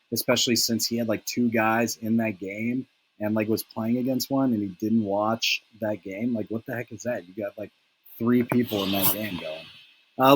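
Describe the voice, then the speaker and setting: Young male host, slightly low and husky, rambling and ribbing his friends, filler-heavy. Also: rough recording. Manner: teasing, lots of "like" and "um" fillers. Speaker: fantasy football recap host. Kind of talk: casual rambling recap.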